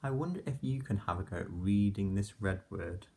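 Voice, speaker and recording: A man teaching a phonics lesson to young children, slowly sounding out letters one by one and praising the class patiently. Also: lowish voice, lively intonation, dark tone, husky. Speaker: primary school teacher.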